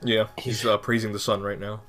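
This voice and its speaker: A man's voice: fairly low pitch, level tone, brisk, music in the background. A man narrating a tabletop game as game master, in a loose, searching way.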